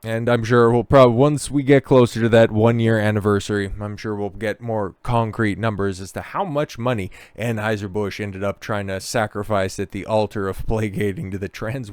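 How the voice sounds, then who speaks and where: A man's voice: fairly low pitch, steady tone, moderate pace, clear, resonant tone, dry recording, clean studio sound. A man hosting a reaction commentary who talks in a sarcastic, mocking and often profane way, checking in with "okay?" as he goes. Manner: repeats "okay?" and "right?" at the ends of phrases. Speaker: commentary host.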